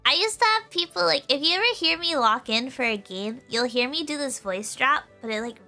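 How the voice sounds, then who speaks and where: A woman streamer chatting casually with her viewers in a high, girlish voice, giggling often and filling her talk with "like". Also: expressive, brisk, pushed and bright, faint music behind. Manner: giggly, laughs often, full of "like" fillers.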